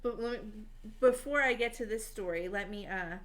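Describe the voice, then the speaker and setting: A woman's voice: on the high side, normal speed. A middle-aged woman co-hosting a casual live stream, telling stories, laughing often and swearing casually, a little tipsy. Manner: chatty storyteller, laughs a lot, swears casually. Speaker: co-host.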